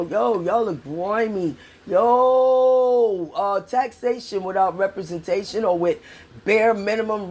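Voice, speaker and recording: A middle-aged New York woman who vlogs about politics rants angrily and profanely at her viewers, calling them y'all and repeating herself for emphasis. Her voice is husky and mid-range.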